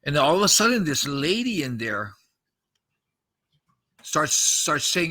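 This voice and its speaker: A man's voice: on the high side, lively intonation, normal speed, pauses often, bright, forceful tone. A man in his fifties on a podcast, casually recounting a story, acting out the quoted dialogue and swearing freely.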